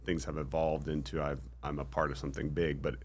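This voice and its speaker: A man's voice: extremely low pitch, little pitch movement, a little fast. A man being interviewed on a podcast, speaking modestly and thoughtfully with frequent ums. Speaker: interview guest. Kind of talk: casual interview chat.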